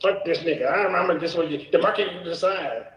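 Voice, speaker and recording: A man's voice: fairly high pitch, brisk, fairly bright tone, echoey room, slight background noise, poor audio. A man hosting a casual reaction stream, joking around, cursing and laughing often. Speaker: streamer host.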